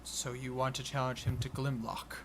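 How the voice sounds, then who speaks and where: A man's voice: medium pitch, little pitch movement, normal speed, noisy background, natural voice. A man voicing a stern male orc in a tabletop game, speaking bluntly and matter-of-factly.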